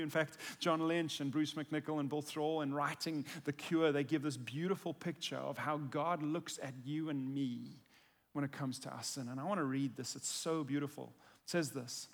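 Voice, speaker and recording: A man preaching a sermon in a heartfelt way, moving between hushed passages and emphatic ones. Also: fairly high pitch, fairly even intonation, moderate pace, vocal fry, in a large hall. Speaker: pastor.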